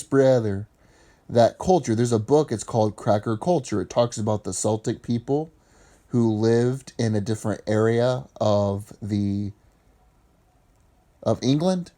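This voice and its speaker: Slow-talking man lecturing. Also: fairly low pitch, warm tone. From Appalachian region of the US. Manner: argumentative, lecturing. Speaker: commentator. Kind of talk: opinion commentary.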